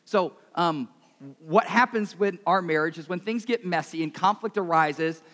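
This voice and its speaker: A man preaching a sermon in a conversational, self-mocking way, his voice swinging between loud and quiet. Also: high voice, normal speed, long reverb tail. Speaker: pastor.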